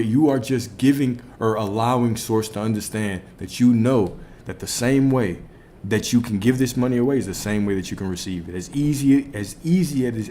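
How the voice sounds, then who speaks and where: Low-voiced man teaching on a livestream. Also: dark tone, a little hiss or hum. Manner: reflective, repeats phrases, asks listeners questions. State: a little out of breath. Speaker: spiritual coach streaming to viewers.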